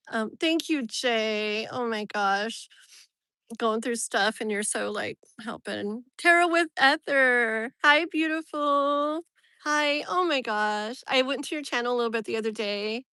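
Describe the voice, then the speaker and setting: Chatty woman live-streaming tarot, higher voice. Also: a bit bright, no echo. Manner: chatty, laughs often, greets viewers by name; rambling, filler-heavy. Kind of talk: casual live-stream chat.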